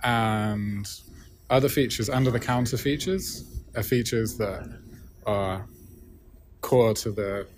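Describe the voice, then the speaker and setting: A man's voice: lowish voice, slow pace, a little hiss or hum. A man, a linguist being interviewed, explains a point casually with examples, often checking in with "right?". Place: busy conference venue.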